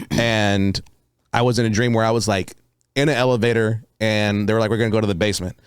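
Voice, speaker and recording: A man's voice: lowish voice, steady tone, brisk, clear, resonant tone, no echo, studio quality. A man hosting a podcast in a casual, profane comedic chat. He laughs often and acts out his own story with quoted voices.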